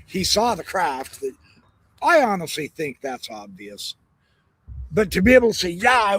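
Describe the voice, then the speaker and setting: A male host with a somewhat high, husky voice gives reflective commentary, carefully weighing his own view as he talks. The sound is close and dry. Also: fairly bright tone, dry recording. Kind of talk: reflective commentary on a played clip.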